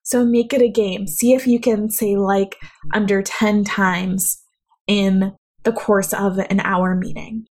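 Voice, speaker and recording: A woman's voice: medium pitch, fairly even intonation, slow pace. A woman giving an instructional talk as a speaking coach, conversational and addressing the listener directly with practical advice.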